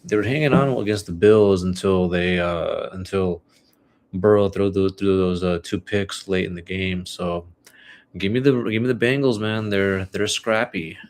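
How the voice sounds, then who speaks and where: A man's voice: deep voice, normal speed. A young man hosting a solo podcast, chatting about his week and sports picks in a rambling, laid-back way full of fillers. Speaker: podcast host. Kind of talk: casual solo podcast chat.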